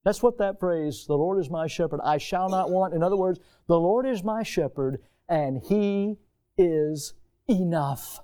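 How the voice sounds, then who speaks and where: Mellow, smooth-voiced male pastor preaching. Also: a little slow. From United States. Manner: preachy, swings from soft and low to loud and high for emphasis. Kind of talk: sermon.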